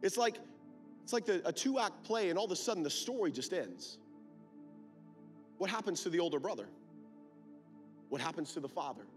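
A man's voice: high-pitched, lively intonation, normal speed, pauses often, faint music behind. A man preaching a sermon at a youth conference, emphatic and full of rhetorical questions.

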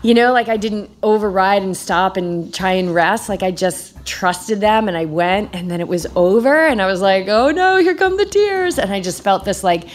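A middle-aged woman hosting a podcast, telling a story in a casual, animated way with many fillers and high-pitched quoted shouts. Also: normal speed, few pauses. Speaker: podcast host.

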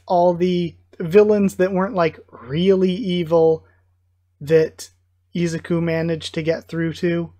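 A man's voice: a little high, a little mellow. A man hosting a live manga reading reaction, commenting in an enthusiastic, gushing fan manner. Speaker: reaction video host.

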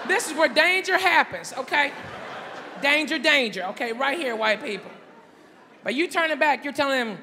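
A man doing a stand-up comedy routine on stage, telling a story loudly and conversationally, with asides to the audience. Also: extremely high pitch, big-room sound. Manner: loud, conversational, drawn-out storytelling with crowd asides. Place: stage before a live audience. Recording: live stage recording with crowd noise.

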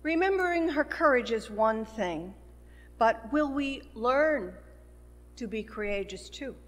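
Woman minister, sermon delivery, unhurried, in a sanctuary with long reverb. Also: a little high, lively intonation. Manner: slow, measured preaching with rising emphasis. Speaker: pastor. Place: church sanctuary. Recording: long church hall reverb.

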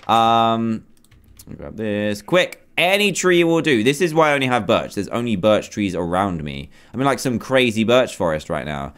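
A man in his twenties giving animated, self-mocking commentary on his Minecraft survival game, talking to himself as he plays. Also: on the low side, moderate pace. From England. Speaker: gaming YouTuber. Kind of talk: Minecraft let's play commentary.

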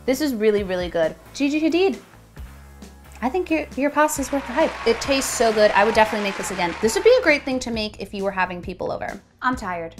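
Young woman, New Jersey accent, home kitchen cooking vlog; bright, bouncy pitch, chatty and self-mocking, faint music underneath. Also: lively intonation, fast talker, hardly any pauses. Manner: chatty, self-deprecating, jokey. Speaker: cooking video host.

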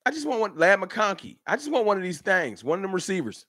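A man hosting a casual fan livestream, talking in an animated, slangy way and answering his chat by name. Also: sits high, fast, no room sound, studio quality. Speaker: livestream host. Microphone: streaming setup.

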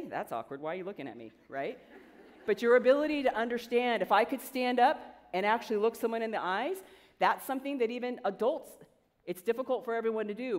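A woman coach giving an energetic motivational speech to students, talking conversationally and quizzing the audience. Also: mid-range voice. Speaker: coach and guest speaker. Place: large event hall with an audience. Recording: long hall reverb.

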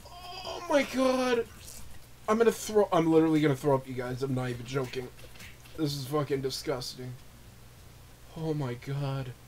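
Excitable young man shrieking over a game. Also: normal speed, pauses often, a little hiss or hum. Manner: excitable, swings from low mutters to shrieks, swears. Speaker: gamer, channel host. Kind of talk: let's play commentary.

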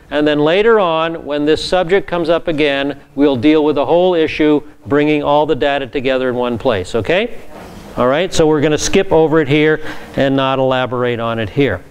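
A male pastor teaching a Bible class, reading scripture and explaining it with lively asides. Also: on the high side, moderate pace, smooth.

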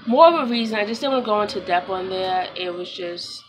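A young woman from New York talking in a casual personal vlog, subdued and halting, with many fillers and restarts. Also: mid-range voice, lively intonation, slight background noise, low-quality recording. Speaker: vlogger, mother.

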